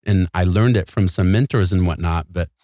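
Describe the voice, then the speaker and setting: A man's voice: low voice, normal speed, dark tone, no room sound, clean studio sound. A man as an interview guest, telling a personal story in a casual, earnest and emphatic way, full of "like" and "man".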